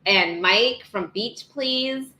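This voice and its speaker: A chatty woman co-hosting a casual livestream, talking quickly and reading viewer comments aloud. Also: fairly high pitch, sharp tone, reverberant, rough recording. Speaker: livestream co-host.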